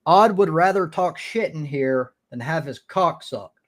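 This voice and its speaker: A man's voice: fairly high pitch, expressive, unhurried. A man from the United States hosting a live stream, chatting crudely and rambling with restarts. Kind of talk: casual crude chat.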